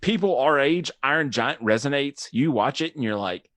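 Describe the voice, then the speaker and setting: A young adult man chatting casually as a podcast guest, animated and joking. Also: medium pitch, moderate pace, dry recording. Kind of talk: casual chat.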